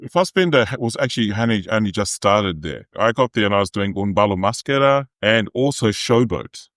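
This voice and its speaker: A New man, an opera singer, telling lively backstage anecdotes as a podcast guest and acting out the quotes. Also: lowish voice, a little fast, no room sound. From New Zealand. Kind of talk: animated storytelling.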